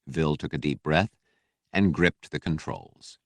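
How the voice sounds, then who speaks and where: A man narrating an audiobook in a steady, measured storytelling voice. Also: very deep voice, creaky, dry recording. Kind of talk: scripted narration.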